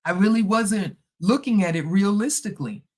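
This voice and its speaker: Animated woman telling a story. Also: medium pitch, moderate pace. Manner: animated, acts out past conversations. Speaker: podcast host. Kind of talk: casual storytelling monologue.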